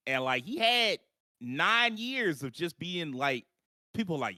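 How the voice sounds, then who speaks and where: A man co-hosting a live show, chatting casually in long animated runs full of "like" and acted-out quotes. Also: fairly high pitch, a little slow, no echo, studio quality. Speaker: podcast co-host. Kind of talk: casual live-stream chat.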